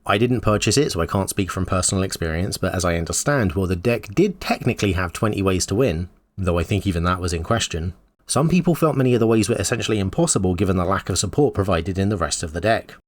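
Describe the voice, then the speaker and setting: Male host with a measured, conversational read on a recap, dry and close. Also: low voice, animated, no echo. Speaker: YouTube host. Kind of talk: scripted news recap commentary.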